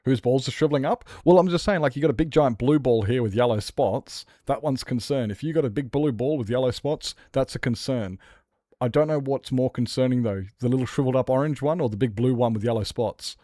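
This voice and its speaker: A man's voice: medium pitch, a little fast, warm tone, no room sound, studio quality. A man streaming a game, chatting casually in a rambling, jokey way and laughing often. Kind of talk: casual gaming stream chat.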